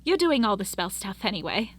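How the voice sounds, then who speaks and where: A woman's voice: medium pitch, big pitch swings, brisk, husky. A woman voicing a cheerful, encouraging young witch with a posh way of talking. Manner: posh, bright, upbeat.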